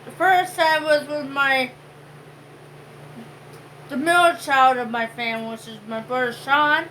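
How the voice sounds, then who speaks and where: Lady rambling casually in a home vlog, high-pitched, faint background hiss. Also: steady tone, measured pace, pushed and bright, rough recording. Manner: rambling, lots of fillers. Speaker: vlog co-host. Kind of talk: casual chat.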